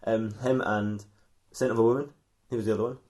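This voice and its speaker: A man's voice: fairly low pitch, steady tone, brisk, a little mellow. A man co-hosting a comedy podcast, telling a silly fan fiction story in a rambling way and laughing often at his own jokes.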